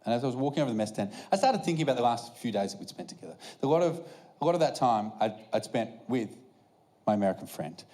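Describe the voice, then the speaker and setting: A man doing stand-up storytelling, animated and acting out the back-and-forth of a conversation. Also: mid-range voice, fast talker. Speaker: stand-up comedian.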